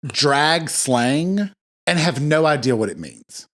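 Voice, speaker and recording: Male podcast co-host, fairly high, animated delivery, playful banter, laughs through stories. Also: slow pace. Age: adult uncle of young nieces. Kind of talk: casual chat.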